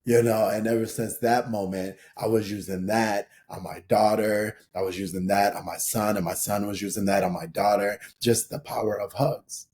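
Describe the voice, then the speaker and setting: Middle-aged man from St. Paul, low voice, loose and rambling storyteller, guest on a chat podcast. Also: fairly even intonation, normal speed, hardly any pauses, darkish tone. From St. Paul, Minnesota, USA. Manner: rambling, full of "you know" and restarts, laughs as he tells stories. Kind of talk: casual interview storytelling.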